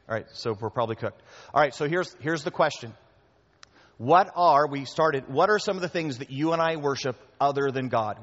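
A man preaches a conversational sermon, often repeating his words and speaking straight to the crowd. His voice sits at a middle pitch and rings through a large, reverberant hall. The recording sounds a little dull and lo-fi. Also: fairly bright tone. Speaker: pastor. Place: church hall before a congregation.

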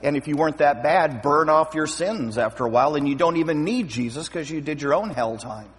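A man preaching a sermon as pastor, lively and acting out scripture scenes with voices. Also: a little high, a little fast, slightly rough. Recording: long hall reverb.

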